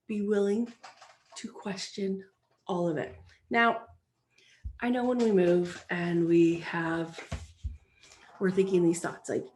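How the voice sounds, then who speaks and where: A woman's voice: mid-range voice, darkish tone, a little hiss or hum. A woman in her forties, a life coach hosting a solo podcast, talking earnestly and encouragingly and acting out the voices in her head.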